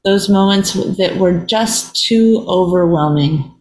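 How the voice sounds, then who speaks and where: A woman hosting a show, thanking a guest and leading a quiet guided reflection in a soft, measured way. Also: medium pitch, low-quality recording. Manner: soft, measured, with drawn-out pauses. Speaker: podcast host.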